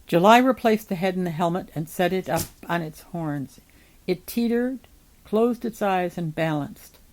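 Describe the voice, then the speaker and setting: A woman reading a novel chapter aloud in an even, measured storytelling manner. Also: on the low side, a little hiss or hum, low-quality recording.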